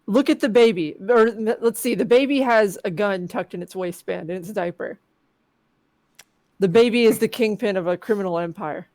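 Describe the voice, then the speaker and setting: A woman co-hosting a text adventure stream, chatting casually with playful deadpan jokes and reading story lines aloud. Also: medium pitch, normal speed, no echo. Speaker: co-host playing a text adventure game.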